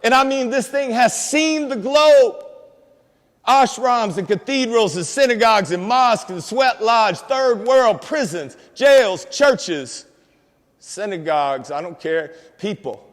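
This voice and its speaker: A man speaks to a student assembly in a high, carrying voice. He preaches in a streetwise way and keeps calling out to the crowd. His voice rings with the long reverb of a big auditorium. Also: animated, slow pace. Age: 50s. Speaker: motivational speaker. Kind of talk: inspirational school assembly talk. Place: school auditorium.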